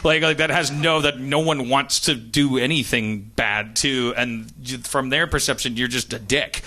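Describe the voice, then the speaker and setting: A man's voice: mid-range voice, steady tone, moderate pace, sharp tone. A man hosting a live podcast, rambling and profane, mocking himself as he talks. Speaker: podcast host. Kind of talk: live podcast banter on stage.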